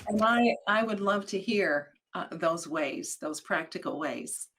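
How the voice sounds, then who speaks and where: A woman's voice: on the low side, measured pace, fairly bright tone, slightly rough. A woman hosting the conversation, prompting her guest with interest.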